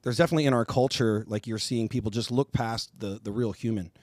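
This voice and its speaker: A man's voice: lowish voice, fairly even intonation, quick pace, a little mellow, no room sound. A man co-hosting a podcast, earnest and affirming, often repeating words as he starts a thought. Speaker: podcast co-host. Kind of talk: supportive conversational interview.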